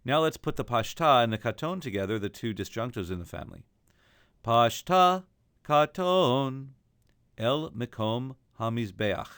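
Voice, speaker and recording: Man, chant teacher, smooth clear voice, dry close sound, explains then sings examples. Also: mid-range voice, fairly quick, few pauses, a bit bright, no echo. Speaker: Torah trope teacher. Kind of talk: recorded lesson with chanted examples.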